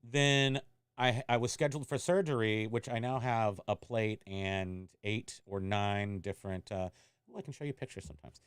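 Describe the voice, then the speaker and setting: A man's voice: on the low side, normal speed, clean tone, dry recording, studio quality. A man hosting a casual resale livestream, telling a rambling, self-mocking story while reading chat. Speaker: eBay reseller hosting a livestream.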